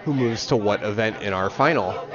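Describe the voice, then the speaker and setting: A man's voice: fairly low pitch, normal speed. A man giving casual, dry-humored commentary on a club curling match. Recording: dull audio with crowd behind.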